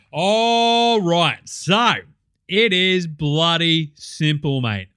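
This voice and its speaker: A man's voice: on the high side, background noise. A man putting on a brash, sweary, boisterous Australian cooking-show host in a comedy sketch, with hammy showman patter.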